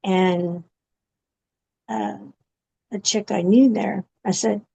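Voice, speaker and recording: A woman giving a personal testimony in an interview, speaking haltingly with many pauses and fillers. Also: medium pitch, fairly even intonation, dark tone. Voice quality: gravelly. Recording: dull, muffled recording.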